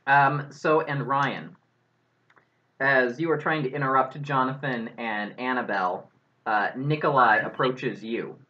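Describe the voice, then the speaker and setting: A man's voice: mid-range voice, a little slow, pushed and bright. A man running a tabletop role-playing game as game master, laid-back and chuckling. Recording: muffled lo-fi recording.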